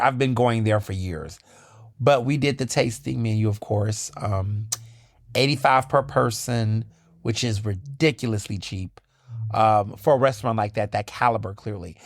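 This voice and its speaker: A man hosting his own podcast, chatting casually and animatedly, telling stories with lively, high-pitched quoted asides. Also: dry recording, clean studio sound. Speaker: podcast host. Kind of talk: casual solo chat.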